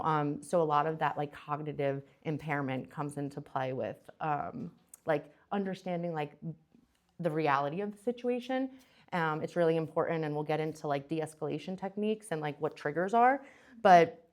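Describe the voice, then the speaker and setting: A young adult woman with a slightly low voice gives a conference talk. She speaks casually, and her sentences are full of fillers, restarts and quick asides to her listeners. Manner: chatty, many fillers and restarts. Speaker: presenter.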